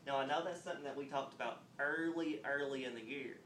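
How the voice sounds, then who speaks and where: A man's voice: medium pitch, a bit bright, slight background noise. Man teaching phonics in an echoey classroom. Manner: patient, explains step by step, claps out words slowly. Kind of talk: classroom phonics lesson on video. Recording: roomy echo, mic at a distance, faint ambience.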